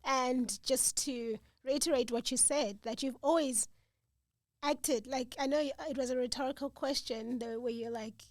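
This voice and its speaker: High-voiced, enthusiastic woman host. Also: steady tone, moderate pace, dry recording, clean studio sound. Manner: enthusiastic, affirming, frequent exclamations. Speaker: podcast host. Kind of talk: casual chat.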